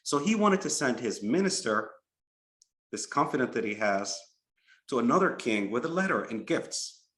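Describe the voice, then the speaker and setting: A man narrating a moral story as a preacher, in an animated, repetitive storytelling manner. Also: medium pitch, normal speed. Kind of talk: storytelling sermon. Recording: roomy echo.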